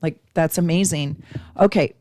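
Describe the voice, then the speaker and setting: A chatty, effusive woman doing live astrology readings for her viewers. Her voice sits on the low side and she laughs easily. The sound is close and dry, with no room echo. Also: unhurried, darkish tone. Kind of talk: live-stream casual chat.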